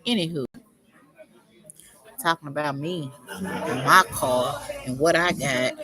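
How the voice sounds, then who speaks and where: A woman's voice: sits low, slow, a crowd in the background, low-quality recording. A woman hosting a livestream, scolding someone in a confrontational, profane, unscripted rant. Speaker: livestream host.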